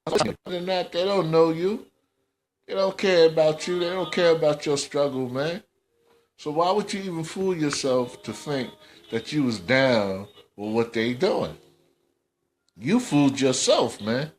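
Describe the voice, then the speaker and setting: A man's voice: fairly high pitch, lively intonation, a little slow. A man hosting a casual commentary podcast, scolding in slangy, repetitive talk. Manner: scolding, slangy, repeats himself. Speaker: host.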